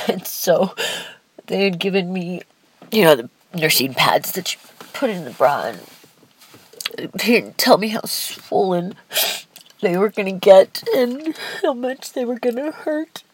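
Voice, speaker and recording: A young woman telling a personal life story candidly, in a halting, emotional way with restarts and sighs. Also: medium pitch, expressive, husky, low-quality recording.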